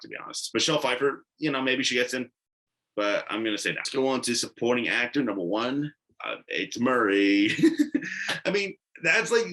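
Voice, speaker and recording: A man's voice: sits low, pushed and bright, rough recording. A man giving casual, blunt commentary on TV award predictions, swearing and rambling with asides.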